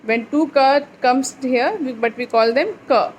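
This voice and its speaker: Slow-reading high-voiced teacher woman. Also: a little hiss or hum, rough recording. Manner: slow, sing-song reading aloud, addresses children as babies. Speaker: English teacher. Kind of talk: phonics lesson for young children.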